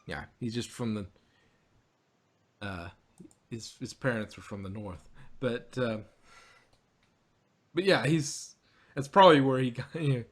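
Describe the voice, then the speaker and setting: A man's voice: mid-range voice, a little slow, long pauses. Rambling man in casual chat. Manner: rambling, many restarts and fillers, laughs often. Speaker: podcast co-host.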